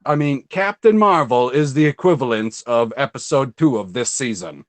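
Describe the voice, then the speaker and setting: A man's voice: medium pitch, normal speed, dry recording. A man hosting a casual fan chat, telling stories with energy and acting out what others said. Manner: animated storyteller, acts out quotes in a raised voice. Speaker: host.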